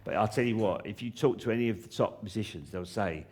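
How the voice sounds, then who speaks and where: A man's voice: lowish voice, quick pace, darkish tone, breathy edge. A man, a comedian guest telling jokey anecdotes in a live on-stage chat, acting out other people's lines. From London. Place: live comedy venue with an audience.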